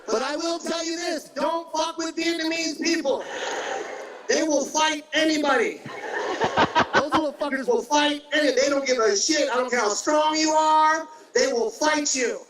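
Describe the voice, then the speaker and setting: A male stand-up comedian performing for a live crowd, loud and shouting his punchlines with laughter between lines. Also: very high voice, fairly even intonation, normal speed, low-quality recording. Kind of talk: stand-up routine. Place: comedy club stage. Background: audience laughter.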